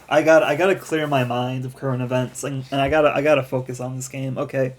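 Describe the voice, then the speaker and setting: A man's voice: mid-range voice, little pitch movement, moderate pace, pauses often. A man giving casual gameplay commentary as a let's play streamer, chatty and laughing often.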